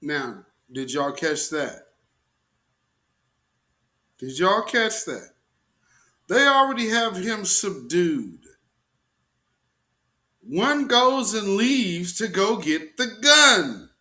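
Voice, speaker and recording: A man's voice: high voice, big pitch swings, bright, forceful tone. A man hosting an online show, giving casual, emphatic commentary straight to his viewers. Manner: drawn-out, emphatic, talks to viewers. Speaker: host.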